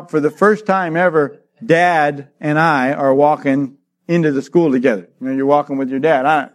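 A middle-aged man preaching, telling a childhood story with lively acted-out voices. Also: fairly high pitch. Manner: animated storyteller, acts out voices, laughs often. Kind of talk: sermon with a personal story.

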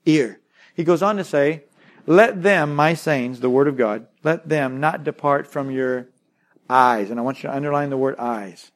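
A man's voice: a little high, normal speed. A man preaching a sermon, emphatic and repetitive, leading the listeners in saying key words aloud. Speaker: pastor.

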